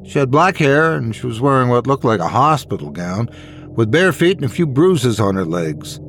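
Guy reading a scary story, mid pitch, slow steady delivery, faint hiss behind. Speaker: narrator. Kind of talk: scripted horror story narration.

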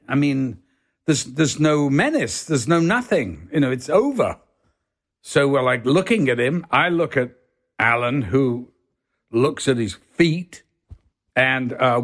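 Older guy telling stories on a podcast, laughs a lot, acts out voices. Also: medium pitch. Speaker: guest. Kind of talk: anecdotal storytelling.

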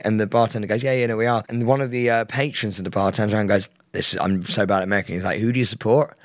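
A man's voice: lowish voice, quick pace, hardly any pauses, no echo. A man in his thirties, co-hosting a podcast, telling a story in a casual chat and acting out the other people in it, with some swearing. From England. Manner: animated storyteller, swears, acts out voices. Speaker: podcast co-host.

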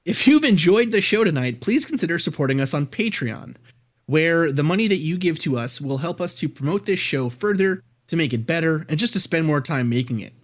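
A man's voice: on the high side, animated, brisk. A man hosting a podcast, chatting casually and rambling, then reading an upbeat sign-off. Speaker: podcast host. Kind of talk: casual chat.

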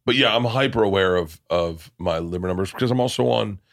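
A man's voice: sits low, a little fast, vocal fry, no echo, studio quality. A man hosting a podcast, chatting frankly and joking with his guest. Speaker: podcast host. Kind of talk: casual podcast chat.

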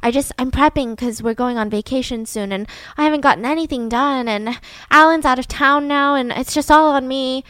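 A woman's voice: sits high, normal speed, hardly any pauses, fairly bright tone, clear, resonant tone, no echo. A woman voicing an overwhelmed, distracted young mother who talks in a weary, rambling way.

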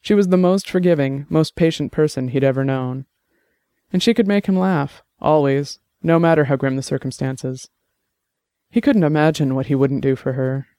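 A man narrating an audiobook with measured, even storytelling. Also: a little high, smooth, dry recording, clean studio sound.

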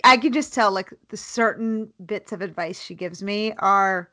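A woman's voice: mid-range voice, moderate pace, pushed and bright. A woman co-hosting a casual podcast, talking frankly about stress and friendship. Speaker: podcast co-host. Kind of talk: casual chat.

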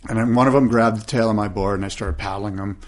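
A man co-hosting a surf podcast, telling rambling stories in a relaxed, casual way. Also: on the low side, fast. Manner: relaxed, rambling storytelling with surfer slang. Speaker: podcast co-host. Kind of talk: casual chat.

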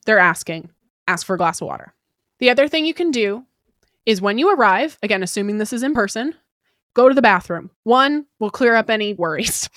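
A woman's voice: a little high, fairly bright tone, no room sound. Chatty woman podcast host, dry sound. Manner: quick, chatty delivery with frequent "right?" tag questions; fillers like "like" and "kinda". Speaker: podcast host giving job-interview advice. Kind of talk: casual advice podcast.

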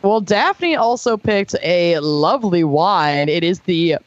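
A woman from Minnesota, co-hosting a podcast in casual chat with jokey, quick banter. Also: lowish voice, animated, no room sound, lo-fi sound. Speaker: podcast co-host.

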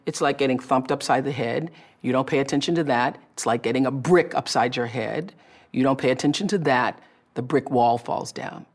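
A woman with a low, gravelly voice tells her life story as a television personality looking back on her career. She's animated and expressive in this personal storytelling, acting out the voices she remembers.

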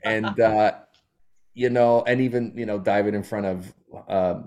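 A man's voice: lowish voice, fairly even intonation, a little slow, a little mellow. A man guesting as a comedian, telling rambling, self-deprecating stories in casual chat.

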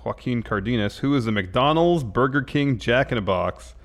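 A man co-hosting a casual podcast, trading easygoing remarks and quick agreements with his co-host. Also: medium pitch, expressive. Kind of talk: casual chat.

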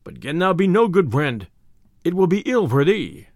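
A boastful, hot-tempered tinker , as a storyteller puts him on, bellowing his archaic threats and jests in a storybook reading. His voice swings widely from low grumbles to loud bursts, and the recording is close and dry. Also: very animated, moderate pace, dry recording. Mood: blustering. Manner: blustering, loud archaic speech.

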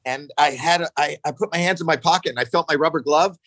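A man in his sixties telling stories casually on a podcast, animated, jumping into acted-out quotes, swearing freely, often restarting his sentences. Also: quick pace, no echo, rough recording. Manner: animated, acts out quotes with jumps in pitch. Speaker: podcast guest. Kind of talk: casual storytelling chat.

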